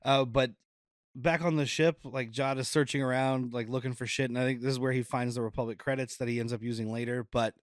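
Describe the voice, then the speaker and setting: A man's voice: medium pitch, fairly even intonation, brisk, no echo, clean studio sound. A man co-hosting a podcast, chatting casually and laughing often as he recaps an episode. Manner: laughs often, loose and rambling. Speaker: podcast co-host. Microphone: podcast mic on camera.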